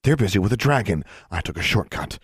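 A man's voice: fairly low pitch, animated, fast talker, slightly rough, no room sound, studio quality. A man voicing a brash, ruthless young witch who speaks curtly and sardonically. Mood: sardonic. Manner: curt, sardonic.

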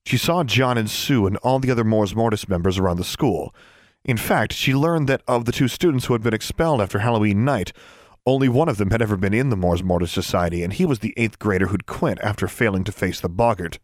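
This audiobook is narrated by a man whose pitch sits fairly low, his reading even and measured. It was recorded dry, at studio quality.

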